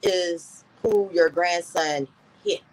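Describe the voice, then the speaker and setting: A woman's voice: fairly low pitch, slow pace, a little mellow, poor audio. A woman guest in an interview, earnestly telling a personal story and often repeating "I said" as she recounts conversations.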